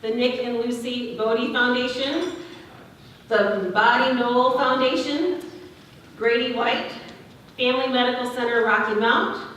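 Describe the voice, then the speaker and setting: A woman's voice: on the high side, steady tone, a little slow, a bit bright, distant mic, a little hiss or hum. Woman reading thanks in an echoey hall. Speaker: event organizer. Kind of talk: reading sponsor thanks and introduction. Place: large banquet hall.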